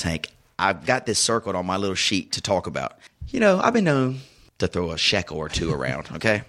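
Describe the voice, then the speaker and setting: Excitable man hosting sports talk. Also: deep voice. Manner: excitable storyteller, animated bursts. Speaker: sports betting show host. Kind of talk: casual sports chat.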